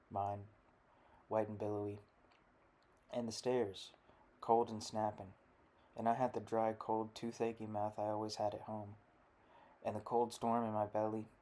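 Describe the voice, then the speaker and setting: Male narrator for literary fiction audiobook, deep, monotone, dark timbre.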